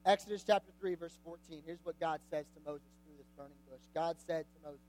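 A man's voice: on the high side, brisk, hardly any pauses, darkish tone, rough recording. A young man giving a casual, jokey sermon to a youth group, often asking the audience questions. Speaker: youth pastor.

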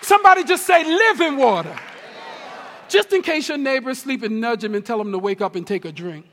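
A man from New Jersey preaches in a very high register, his voice ringing through the long reverb of a large hall. He swings from near-shouts to hushed tones and drops in humorous asides. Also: brisk, a faint crowd, slight background noise. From New Jersey, USA. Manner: animated preaching with big swings between loud and hushed. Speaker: pastor. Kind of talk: sermon.

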